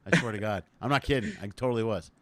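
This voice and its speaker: A man hosting a casual comedy interview over a video call, joking and excitable, jumping from loud bursts to low mutters. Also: quick pace, dry recording. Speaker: comedian host of a video chat show.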